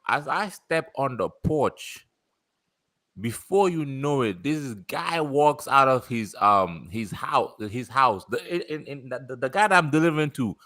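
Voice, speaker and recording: A man casually telling an animated story about a delivery, laughing and swearing as he goes. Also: mid-range voice, a little slow, no room sound. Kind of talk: casual chat.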